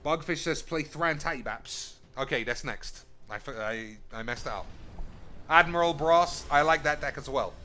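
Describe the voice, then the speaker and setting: Bright-voiced London man streaming, swearing. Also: mid-range voice, moderate pace, hardly any pauses, a little hiss or hum. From United Kingdom. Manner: joking, swears freely, thinks aloud. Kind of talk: casual gameplay commentary.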